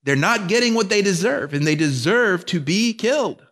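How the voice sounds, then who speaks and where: A preacher voicing an indignant, resentful prophet. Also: male voice, sits high, animated, moderate pace, a bit bright, voice pushed up, heavily acted.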